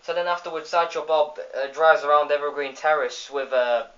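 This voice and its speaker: A man's voice: a little high, flat delivery, a little fast, a bit bright. A man giving a casual spoken review of a cartoon episode, retelling the plot in a rambling way with many restarts and fillers. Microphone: phone. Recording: dull lo-fi phone recording.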